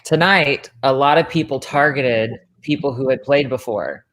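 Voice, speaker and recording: A woman's voice: very deep voice, normal speed. A woman commentating in casual chat, emphatic and insistent, often breaking in to make her point. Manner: emphatic, insistent, cuts in with "listen" and "look". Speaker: podcast commentator.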